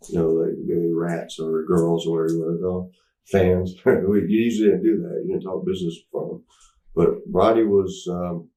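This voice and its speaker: A former wrestler as an interview guest, telling candid stories in a rambling, halting way full of fillers and restarts. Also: male voice, sits low, dark tone. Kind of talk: candid anecdotal storytelling. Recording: roomy sound, mic at a distance.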